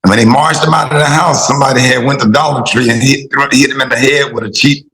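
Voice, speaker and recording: A man's voice: medium pitch, fairly even intonation, fast, a bit bright, reverberant, poor audio. A man co-hosting a radio show, talking loosely and conversationally. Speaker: radio co-host. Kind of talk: casual radio talk. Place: radio studio.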